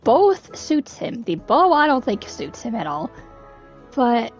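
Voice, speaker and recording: High, gravelly-voiced woman streamer. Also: slow, soft background music. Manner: chatty, reacts loudly and excitedly to the game. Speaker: gaming streamer. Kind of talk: game playthrough commentary.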